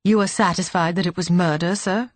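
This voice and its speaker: A woman voicing a brisk, thoughtful police chief inspector who asks clipped, businesslike questions. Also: sits high, steady tone, no echo, natural voice.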